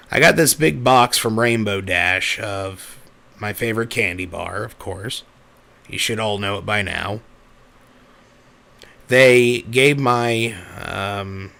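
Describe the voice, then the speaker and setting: A man voicing a gravelly, rambling young pegasus. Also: fairly low pitch, bright, forceful tone, heavily acted. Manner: rambling, self-correcting, easily flustered. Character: young male pegasus, rough, uneducated, big-hearted. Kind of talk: in-character storytelling.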